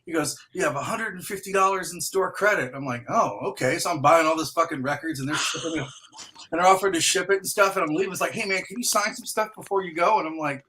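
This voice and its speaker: Brief: man co-host, bright forceful tone, casual rambling anecdotes with swearing. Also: a little high, quick pace, a little hiss or hum. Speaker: podcast co-host. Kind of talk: casual chat, storytelling.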